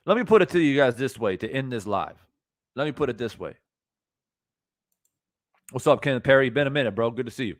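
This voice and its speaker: A man's voice: medium pitch, lively intonation, fairly quick, pauses often, dry recording. Brief: a male streamer in a mid-range voice, swearing freely and repeating himself for emphasis, dry close sound. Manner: blunt, profane, repeats points for emphasis. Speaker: streamer reacting to boxing news. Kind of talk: live-stream reaction rant.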